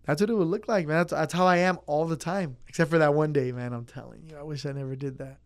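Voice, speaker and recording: A man's voice: on the high side, steady tone, fast talker. A young man in the service trade, talking casually in an interview and acting out chats with customers. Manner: easygoing, acts out customer chats. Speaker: pizza place worker.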